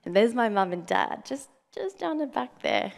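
A young adult woman giving a motivational talk to a live audience, telling a story in an animated way, acting out her own remembered words and asking the audience questions. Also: on the high side, moderate pace, creaky. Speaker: motivational speaker.

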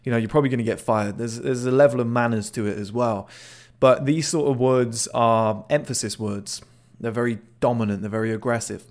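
A man's voice: mid-range voice, steady tone, a little fast. A man casually commenting on a video clip, chatty and swearing now and then, often repeating words as he restarts. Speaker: body language analyst.

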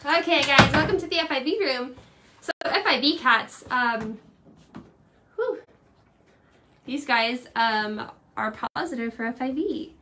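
A woman's voice: high-pitched, a little slow, long pauses, background noise. A woman hosting a casual livestream at a cat shelter, chatty and giggly, thanking viewers by name. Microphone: phone held in hand.

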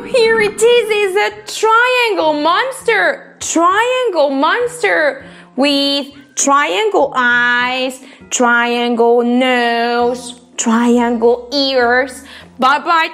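High-pitched woman, slow and playful. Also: a bit bright. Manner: exaggerated gasps, playful pretend fright, sing-song. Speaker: English teacher for children. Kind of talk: acted children's lesson.

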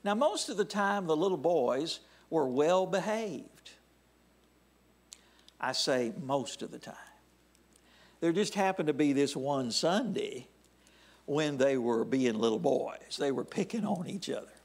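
Slow, whispery-ending male preacher. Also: fairly high pitch, animated, darkish tone, husky. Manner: deliberate, drops to a near whisper at phrase ends. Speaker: pastor. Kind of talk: sermon. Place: church sanctuary.

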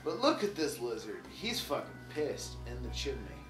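A man's voice: medium pitch, big pitch swings, normal speed, distant mic. Tipsy young male host, crude rambling asides; off-mic in a roomy space with faint music. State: tipsy from whiskey. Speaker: host reading a book aloud. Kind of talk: rambling comedic reading.

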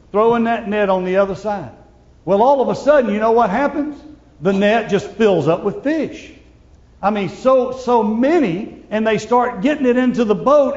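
A male pastor preaching a sermon, swinging from loud proclamation to hushed, intimate asides. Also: high-pitched, long reverb tail, highs cut off.

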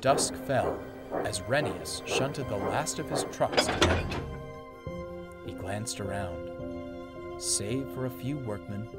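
Slow, expressive storybook narrator. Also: male voice, on the low side, over loud music.

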